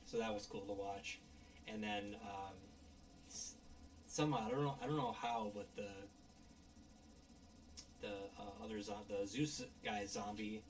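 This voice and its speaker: A man with a gravelly, fry-edged voice tells a movie plot in a loose, rambling way, full of ums and uhs. He sometimes puts on voices and yells at the characters. A faint hiss of noise sits under the recording. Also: on the low side. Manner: rambling, frequent fillers, mock-shouting at characters. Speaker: movie reviewer. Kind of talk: casual movie recap.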